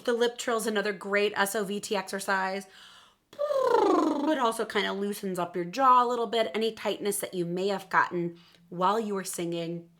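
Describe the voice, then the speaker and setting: A woman vocal coach leading a warm-up lesson at the piano, encouraging and upbeat. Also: medium pitch, very animated, moderate pace, slight background noise. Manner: encouraging, upbeat, talks while playing piano.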